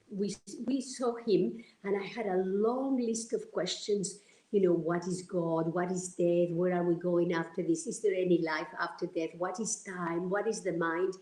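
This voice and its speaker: A woman from Argentina, sharing personal stories as a guest in a heartfelt, animated way. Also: on the low side. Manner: heartfelt, animated, many restarts. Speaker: interview guest. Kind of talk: personal storytelling. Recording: roomy echo.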